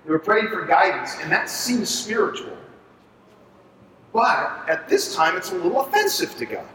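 A man leading a Bible study for ministry leaders, talking in an animated, conversational way and asking the group to agree. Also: high-pitched, moderate pace, slight background noise. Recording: echoey room, far from mic.

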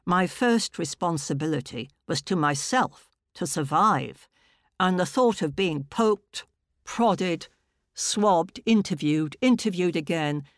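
A woman author reading her own short story aloud in a measured, deliberate way. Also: lowish voice, no room sound, studio quality.

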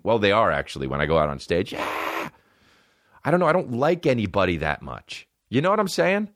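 A man's voice: medium pitch, huge pitch swings, moderate pace, no room sound, studio quality. A young adult man hosting a comedy podcast, riffing in a profane, ranting monologue.

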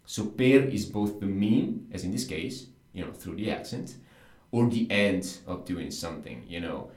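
A man's voice: low-pitched, expressive, measured pace, darkish tone, roomy sound. A man whose first language is Italian, patiently explaining grammar in a casual language lesson, often adding "right?" and "you know". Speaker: Italian teacher.

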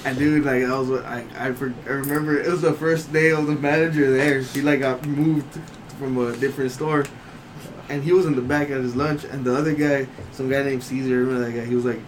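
A man's voice: mid-range voice, steady tone, fairly quick. A young man casually telling stories to friends, loose and rambling, full of fillers and swearing. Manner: swearing freely, laughs through punchlines. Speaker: storyteller among friends. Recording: noisy ambient background.

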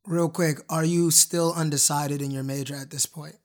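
A man's voice: fairly high pitch, fairly even intonation, moderate pace. A man interviewing a guest, asking short follow-up questions. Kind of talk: conversational interview.

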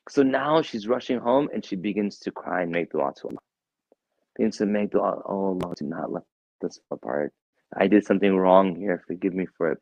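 Lively male preacher telling a story. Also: low-pitched, creaky, no room sound. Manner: animated storyteller, voices quoted figures. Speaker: shaykh teaching a lecture series. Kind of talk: storytelling religious lecture. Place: mosque. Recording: dull, dry lo-fi sound.

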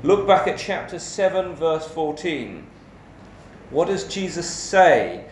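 A man's voice: on the high side, big pitch swings, slight background noise. Male preacher, emphatic sermon delivery, echoey hall with faint ambience. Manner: measured, emphatic delivery with rhetorical questions.

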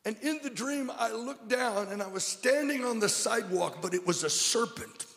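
A high-voiced man delivers a sermon in a church, his words carrying a long hall reverb. He preaches with force, often stumbling over repeated words, then dropping to a near hush. The delivery swings between shouted emphasis and quiet intensity. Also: lively intonation, normal speed, vocal fry. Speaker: guest preacher. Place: church service.

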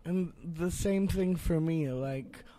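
A man's voice: on the high side, slow, mellow. A young trans man, a podcast guest, speaking earnestly and thoughtfully in casual chat.

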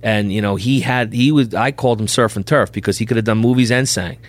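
A man's voice: lowish voice, quick pace, no room sound. A middle-aged man, a bail bondsman, telling anecdotes on a podcast and acting out the dialogue in them. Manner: animated anecdote teller, acts out dialogue. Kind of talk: podcast storytelling.

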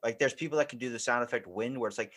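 A man's voice: mid-range voice, racing, a bit bright. A man hosting a podcast, chatting casually in a rambling, joking way and laughing often. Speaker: podcast host. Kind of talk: casual chat.

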